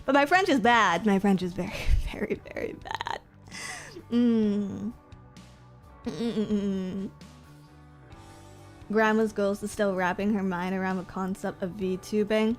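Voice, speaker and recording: Woman streamer, playful, self-mocking, quick to laugh, light music bed. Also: medium pitch, steady tone. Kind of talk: casual chat reading viewer comments.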